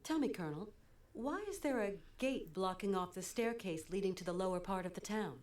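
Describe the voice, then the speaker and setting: A woman's voice: mid-range voice, lively intonation, a little fast, a little mellow, natural voice. Kate Walker, a poised American traveler played by a woman. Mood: composed. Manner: polite, composed, inquisitive. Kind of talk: video game voice acting.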